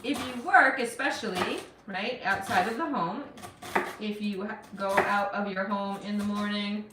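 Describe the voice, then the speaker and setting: A woman from Afghanistan runs a relaxed cooking live stream from her home kitchen, talking as she goes and responding to viewer comments she reads aloud. She speaks at a measured pace in a mid-range voice, recorded from a distance with background noise and roomy kitchen acoustics.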